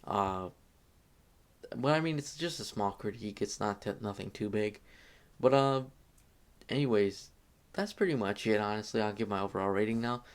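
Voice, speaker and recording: A man's voice: fairly low pitch, moderate pace, long pauses, clear, resonant tone. A young man casually reviewing a movie, rambling and repeating himself with lots of fillers.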